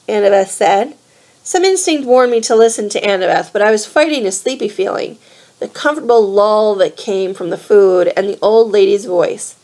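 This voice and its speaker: A woman reading a novel aloud in a steady, clear storybook manner. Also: mid-range voice, normal speed. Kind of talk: read-aloud narration.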